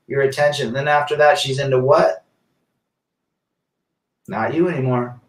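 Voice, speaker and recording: A man's voice: mid-range voice, steady tone, a little slow, recorded from a distance. Man live-streaming in a roomy echo. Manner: reads viewer comments aloud and riffs on them; emphatic, rhetorical questions. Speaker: livestream host reading chat. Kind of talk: casual live-stream commentary. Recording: roomy echo, set back from the mic.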